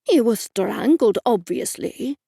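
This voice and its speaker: A man's voice: extremely high pitch, lively intonation, slow pace, vocal fry, mellow, husky, no room sound, clean studio sound, full character voice. A woman voicing a curt, guarded Irish man staying as a guest in a storybook mystery, giving short, unhelpful replies.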